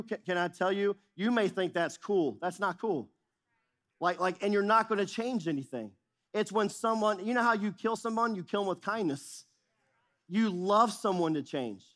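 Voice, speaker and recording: A man with a high voice preaching to his congregation. He drives his points home through repetition, dropping low and quiet, then rising sharply when he presses a point. He sounds like a pastor in the middle of a sermon. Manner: preaching with emphatic repetition and shifting intensity.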